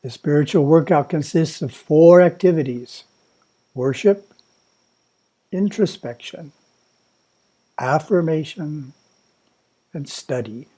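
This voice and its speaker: Guy reading a calm spiritual lesson, soft mellow tone, kinda highish, takes his time. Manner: measured, instructive, slow. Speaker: monastery teacher. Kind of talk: prepared spiritual talk read aloud.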